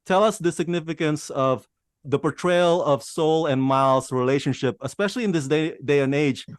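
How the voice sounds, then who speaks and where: A man's voice: fairly high pitch, moderate pace, smooth, no echo, studio quality. A man hosting an interview who asks questions in an enthusiastic, chatty way. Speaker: interview host.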